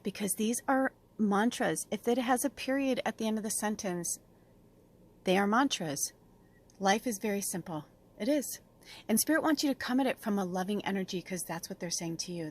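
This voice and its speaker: A woman giving a spiritual card reading as host, talking in a gentle, affirming way that rambles with fillers. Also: mid-range voice. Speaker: tarot and oracle card reader.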